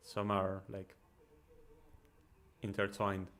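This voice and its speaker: A man hosting a football watchalong, giving excitable, chatty live commentary with frequent ums and uhs. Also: low voice, very slow. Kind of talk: casual live match commentary and chat.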